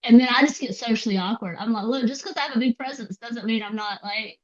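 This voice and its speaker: Chatty higher-voiced woman, lo-fi sound. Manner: chatty, quick storyteller, drops to soft asides. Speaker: podcast guest. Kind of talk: casual interview chat.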